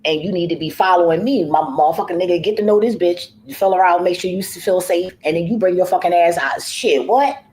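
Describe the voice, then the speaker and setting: Low-voiced woman, profane and rambling. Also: fast talker, hardly any pauses, darkish tone, poor audio. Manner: often trails off and restarts. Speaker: home care worker. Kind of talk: casual vlog monologue.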